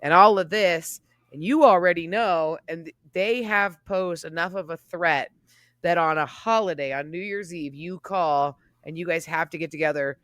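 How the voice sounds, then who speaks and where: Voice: medium pitch, normal speed, a bit bright, dry recording. A podcast host talks casually, recapping what came before. The voice sits in a middle range and the sound is dry and close. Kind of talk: casual chat.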